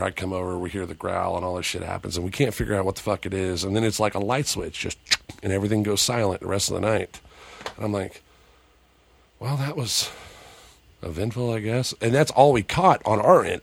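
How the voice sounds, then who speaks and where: A man, a paranormal investigator, telling a story as a podcast guest in a loose, profane, animated way, acting out what people said. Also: on the low side, gravelly. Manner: profane, animated, acts out quoted dialogue.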